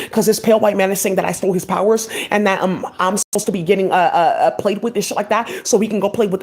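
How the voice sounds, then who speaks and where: A woman in a rambling vlog monologue, talking at a rapid clip. Her delivery is agitated and profane, and she jumps from one thought to the next without pause. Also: mid-range voice, a little mellow.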